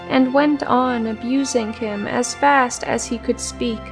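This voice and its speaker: A woman narrates an old fairy tale in a calm, measured reading. Her voice is high and her pace unhurried. Soft music plays faintly beneath her. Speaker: storyteller. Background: faint background music.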